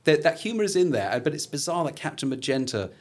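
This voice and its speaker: Animated man doing chatty podcast talk. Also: fairly high pitch, quick pace. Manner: animated, acts out characters' lines in funny voices. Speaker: podcast guest. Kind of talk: casual chat.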